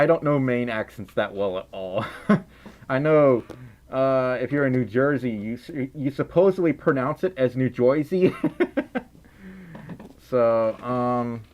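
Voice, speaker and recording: A man's voice: mid-range voice, expressive, slow, pauses often, darkish tone. Giggly tired man with a Southern drawl. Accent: Southern US, Mississippi. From Mississippi. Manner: silly and giggly, often trails off and restarts. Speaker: livestream host. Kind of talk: casual livestream chat, reading donations.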